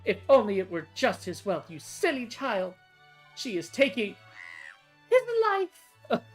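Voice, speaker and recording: A woman's voice: mid-range voice, very animated, slow, faint music behind, pitched above the performer's own voice. A woman voicing a haughty, lovesick, grandiose woman in a game, reading her lines in a pompous, theatrical manner. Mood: scornful. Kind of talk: game dialogue read aloud.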